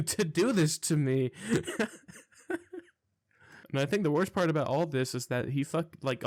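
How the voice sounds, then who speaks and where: A man's voice: medium pitch, no room sound, studio quality. A young man telling a rambling, profane story in a casual vlog monologue, sounding incredulous. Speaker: storytelling vlogger.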